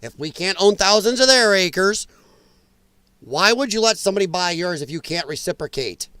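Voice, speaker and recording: Animated, high-voiced man ranting. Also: moderate pace, clear, resonant tone, no room sound. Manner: opinionated, ranting, reacts to viewer chat. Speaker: host. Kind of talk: political commentary livestream.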